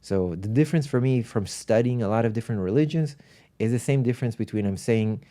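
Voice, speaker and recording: A man, a spiritual teacher, speaking in an animated, thoughtful way while telling stories in a podcast conversation. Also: medium pitch, fast talker, few pauses. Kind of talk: reflective storytelling in conversation.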